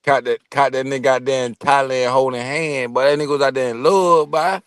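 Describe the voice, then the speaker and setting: A man's voice: mid-range voice, steady tone, fairly quick, clean tone, dry recording, clean studio sound. A man in casual chat, teasing and pressing with questions. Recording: noisy stream audio.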